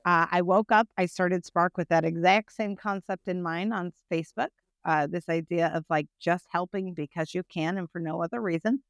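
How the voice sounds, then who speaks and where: A woman, a nonprofit founder, telling her personal story to an interviewer in a frank, animated way, often checking in with "right?". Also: mid-range voice, smooth, no echo.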